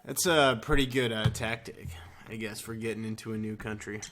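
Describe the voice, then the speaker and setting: A man co-hosting a casual chat with his brother, easygoing and slow to get his words out, using lots of fillers. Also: fairly low pitch, steady tone, fairly bright tone. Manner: easygoing, hesitant with many fillers. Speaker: podcast co-host.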